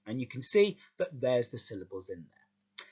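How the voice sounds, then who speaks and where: A male teacher explaining a lesson in a lively, stop-start way, often repeating words as he goes. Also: mid-range voice, normal speed, slightly rough, lo-fi sound.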